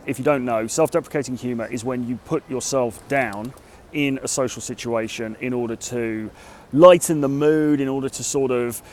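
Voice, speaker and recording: A man's voice: medium pitch, normal speed, a little hiss or hum. A British man who coaches on dating gives casual advice to the camera outdoors in a city. He talks in a chatty way and hedges a lot with "sort of" and "kind of". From Britain.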